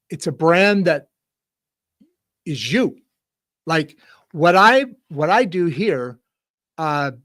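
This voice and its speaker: A middle-aged man hosting a podcast, talking casually to viewers in a rambling, halting way with many restarts. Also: a little high, fairly bright tone, dry recording. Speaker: podcast host. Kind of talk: casual solo talk to viewers.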